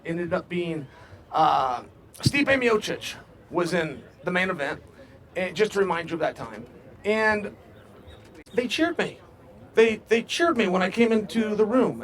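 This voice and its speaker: A man's voice: sits high, fairly bright tone. A man at an outdoor fight workout, chatting to the press and trading boastful, rhyming taunts. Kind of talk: trash-talking press chat.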